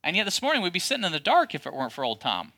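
A man preaching a sermon as a pastor, addressing his congregation with lively rhetorical questions. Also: sits high, very fast.

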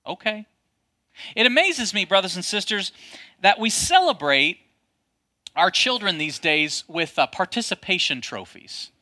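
A man preaching a sermon as a pastor, addressing his congregation with lively rhetorical questions. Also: high voice, measured pace.

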